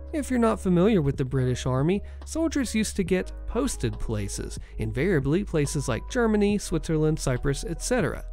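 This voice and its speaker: A narrator reading online stories aloud in an expressive, animated way. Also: medium pitch.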